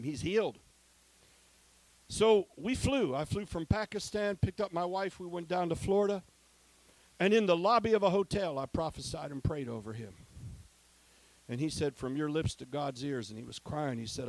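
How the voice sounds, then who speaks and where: Man, preacher, high-pitched, emphatic, loud then hushed, testimony sermon. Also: normal speed. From Ohio. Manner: lively, emphatic, swinging between loud declarations and hushed storytelling.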